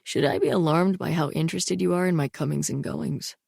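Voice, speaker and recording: A woman voicing a teenage boy with a deep, slightly gravelly voice, dry and teasing on the phone. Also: brisk, darkish tone, no room sound, heavily acted.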